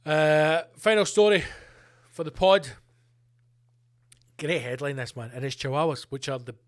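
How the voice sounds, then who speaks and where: A middle-aged man hosting a solo podcast, ranting in a sweary, sarcastic way. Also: on the high side. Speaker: podcast host.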